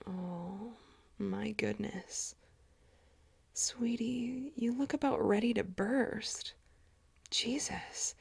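Whispered role-play: a doting, teasing middle-aged mother, as a woman plays her, cooing softly and drawing her words out very slowly. Her voice has a gravelly, fry-tinged edge, and she keeps slipping into breathy murmurs. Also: a little high, heavily acted. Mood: flirtatious whisper. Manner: coos and murmurs, soft breathy asides.

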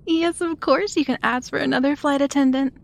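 A woman playing a flight attendant in an adult audio role-play, breathy, giggly and teasing as she fawns over the listener. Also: sits high.

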